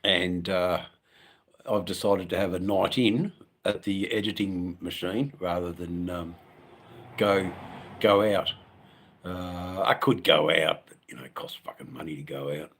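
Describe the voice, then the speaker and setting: A low-voiced Australian man rambles through a relaxed live stream from home. He chats with viewers about his riding, drifting along with plenty of ums and the occasional casual curse. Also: slightly rough. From Western Australia. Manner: rambling and laid-back, many ums, casual swearing. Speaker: motorcycle channel host on a live stream.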